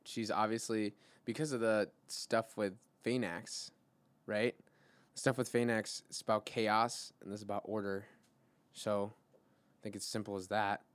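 A man's voice: fairly low pitch, little pitch movement, a little slow, no room sound. Chatty man playing a tabletop game. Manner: chatty, reasoning out loud. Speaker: player. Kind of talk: casual chat at a tabletop game.

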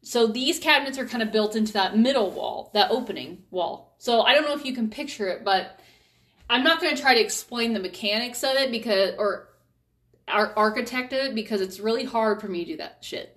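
Woman, thirties, slightly high voice, casual storytelling, candid, swears freely. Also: expressive, fairly quick, fairly bright tone.

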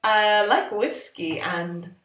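An eager male waiter with a lilt and a flirtatious manner, put on by a woman telling a story. He rushes to help and gushes compliments. The voice rings in a roomy, echoey space. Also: medium pitch, a bit bright, distant mic. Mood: flirty. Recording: echoey room.

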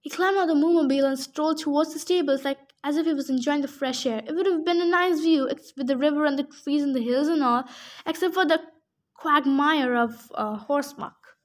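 A woman's voice: high-pitched, a little fast. A woman reading a novel aloud in the first person, breaking off for chatty asides with fillers. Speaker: reader.

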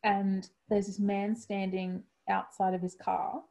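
A woman's voice: mid-range voice, slow pace, vocal fry. Giggly Australian woman telling a story. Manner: animated, laughs often, acts out quotes. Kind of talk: casual storytelling chat.

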